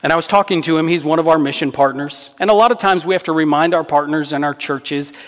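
A man's voice: on the high side, fast, hardly any pauses, fairly bright tone. Earnest man preaching in a reverberant hall. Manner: earnest, emphatic preaching with repeated phrases. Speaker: pastor. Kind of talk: sermon.

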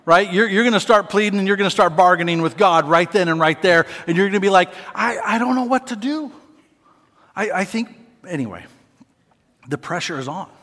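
A man preaching a sermon as pastor, conversational and animated, with playful asides to the congregation. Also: high voice, a little fast. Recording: long hall reverb.

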